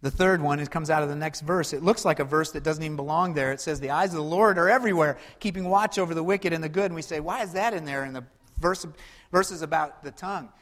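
A man preaching a sermon as pastor, swinging between loud emphatic passages and hushed, quiet asides. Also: a little high, fast talker, long reverb tail.

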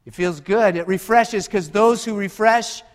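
A man preaching a sermon as pastor, conversational and lively, with quick asides and call-and-response to the congregation. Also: high voice, big-room sound.

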